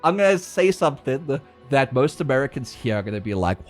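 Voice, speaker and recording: A man's voice: medium pitch, brisk, faint music behind. A young South African man streaming a game, ranting in casual, profane, laughing chat. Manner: animated, profane, laughing rants.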